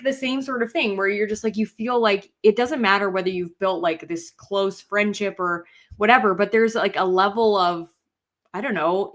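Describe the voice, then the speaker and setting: Reflective female podcast co-host. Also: medium pitch. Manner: reflective, talks things through with many fillers. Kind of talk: casual chat.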